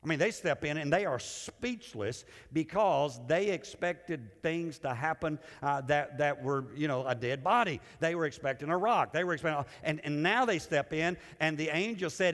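A male pastor preaching a sermon. He swings between loud, lifted lines and hushed, low ones, and often repeats words as he builds a point. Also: moderate pace, few pauses, long reverb tail.

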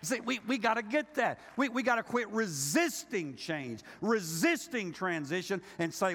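An older male pastor delivers an animated sermon, slipping into quoted voices and teasing his congregation. His fairly high voice rises and falls widely. The sound carries the long reverb of a large hall. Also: normal speed, few pauses.

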